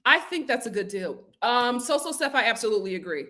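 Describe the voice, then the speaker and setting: A woman's voice: fairly high pitch, fairly quick. A young woman hosting a casual live stream, reading viewer comments aloud and chatting back with frequent laughs and restarts. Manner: chatty and animated, laughs often, stammers and restarts.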